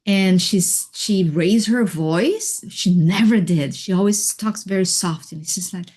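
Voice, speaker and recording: A woman guest on a video call, telling her own story slowly and thoughtfully, with soft laughs and fillers. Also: medium pitch, breathy edge. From Hawaii. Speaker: interview guest, healer and life coach. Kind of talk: reflective personal storytelling.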